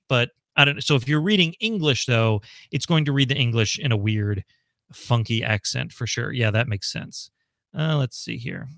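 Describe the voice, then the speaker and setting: Bright, chatty American man live-streaming. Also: mid-range voice, dry recording, studio quality. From United States. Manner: chatty, thinks aloud, frequent ums and laughs. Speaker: livestream host. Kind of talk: casual live Q&A. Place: home.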